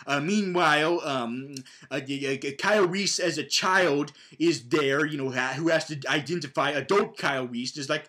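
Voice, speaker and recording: A young man with a high voice rambles through a comedic movie recap. He stumbles over restarts and piles on fillers as he goes. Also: normal speed, sharp tone.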